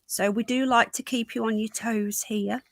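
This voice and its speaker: A woman hosting a casual livestream chat, her voice going hoarse, clearing her throat often. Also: fairly high pitch, steady tone, moderate pace, dry recording, studio quality. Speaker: livestream host. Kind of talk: casual live chat reading comments.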